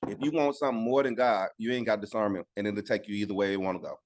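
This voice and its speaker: A man's voice: on the low side, steady tone, quick pace. A man teaching an informal Bible study on a video call, talking conversationally and asking "right?" again and again. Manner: conversational, repeats "right?" for agreement.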